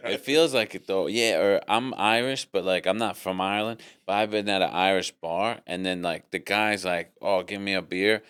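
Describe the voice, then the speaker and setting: Low smooth guy, easygoing podcast guest, laughs a lot. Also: fairly even intonation, normal speed, hardly any pauses, a bit bright. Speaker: guest comedian. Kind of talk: casual podcast chat. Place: podcast studio.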